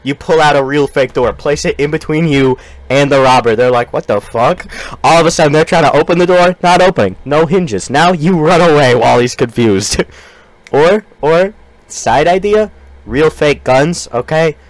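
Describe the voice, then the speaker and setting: A male streamer improvising a mock sales pitch, riffing quickly and laughing through it. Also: dry recording.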